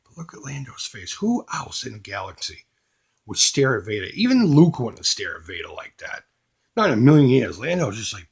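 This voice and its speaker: A man casually showing off a box of collectibles, joking crudely and doing quick mocking voices for the pictures. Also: medium pitch, very animated, creaky, husky. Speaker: retro collecting YouTuber. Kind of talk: casual unboxing commentary.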